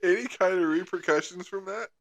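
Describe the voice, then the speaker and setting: A man's voice: sits high, a little fast, creaky, a bit bright, dry recording. A man co-hosting a podcast, dropping dry, sarcastic comments into a friend's story. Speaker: podcast co-host. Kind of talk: casual chat.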